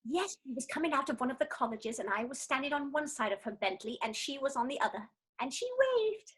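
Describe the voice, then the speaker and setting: A woman's voice: sits high, sing-song, brisk. A woman co-hosting a video-call chat, teasing her friend in a mock-genteel way. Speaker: co-host.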